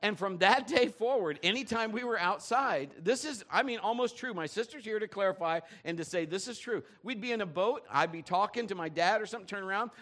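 A male pastor preaches in a relaxed, conversational way, his voice pitched a little high for a man. He tells jokes and stories and keeps asking the congregation questions to check in with them.

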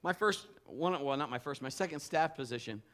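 A man preaching a sermon as pastor, telling a humorous personal story in an animated way. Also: fairly high pitch, brisk.

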